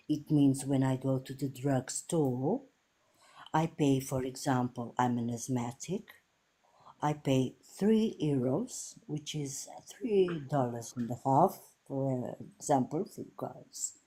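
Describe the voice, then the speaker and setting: A woman's voice: extremely low pitch, warm tone. A woman from Portugal with a Portuguese accent, a polite and earnest caller who apologizes often. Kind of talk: casual debate call.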